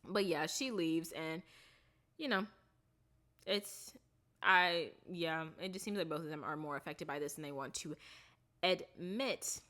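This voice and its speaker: A woman vlogger recaps a TV series in casual, rambling chat full of fillers and restarts, softening her voice on the sad parts. She speaks low and a little slow, with long pauses.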